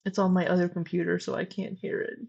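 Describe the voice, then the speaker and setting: A woman's voice: on the low side, level tone, fast, gravelly, darkish tone. A woman streamer in casual live chat with friends, who keeps breaking into laughter. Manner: giggly, breaks into frequent laughter. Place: indoor room with neighbors next door. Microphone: earbuds with a computer mic. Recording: slightly dull lo-fi stream audio.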